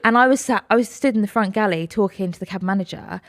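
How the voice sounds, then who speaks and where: Brief: woman, 30s, podcast guest, lively storyteller who acts out quotes, dry close mic. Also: medium pitch, fast, no echo. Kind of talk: casual chat.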